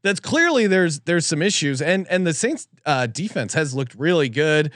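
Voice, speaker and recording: A man's voice: fairly high pitch, very animated, normal speed, fairly bright tone, no echo, studio quality. A man co-hosting a casual sports betting chat, joking and laughing easily. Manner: laughs easily, jokey, rambling. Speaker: sports betting show co-host.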